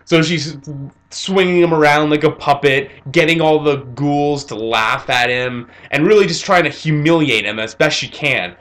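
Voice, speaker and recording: Young male reviewer, slightly high voice, casual and animated recap. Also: moderate pace. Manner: animated retelling with fillers and laughs. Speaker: anime reviewer.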